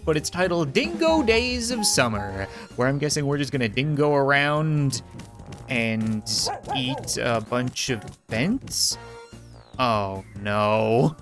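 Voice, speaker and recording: A man doing comedic let's-play commentary, sarcastic and mock-indignant, laughing often. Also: fairly high pitch. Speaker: gaming YouTuber.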